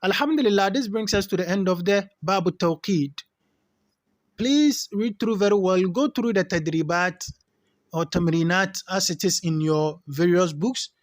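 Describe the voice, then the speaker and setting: A man's voice: high voice, moderate pace, dry recording, clean studio sound. A man teaching Arabic grammar in a recorded lesson, reading Arabic lines and then patiently explaining them in English. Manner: patient, repeats points for learners.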